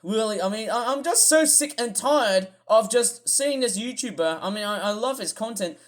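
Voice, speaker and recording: A grumpy vlogger who rambles through a ranting commentary, often restarting and suddenly bursting into shouts. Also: medium pitch, animated, moderate pace. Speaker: toy review vlogger.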